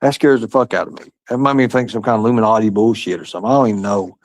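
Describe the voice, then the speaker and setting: A man with a fairly low voice hosts a livestream, reading the chat aloud. He rambles, swears freely and repeats himself, recorded dry and close. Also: fairly even intonation, racing, no echo. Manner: rambling, profane, repetitive. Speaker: livestream host.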